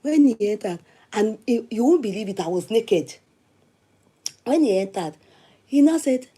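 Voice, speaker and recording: A woman with a Nigerian accent, hosting a show and telling a long personal story in a casual, chatty, animated way, repeating herself for emphasis. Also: fairly high pitch, normal speed, long pauses, breathy edge. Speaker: show host.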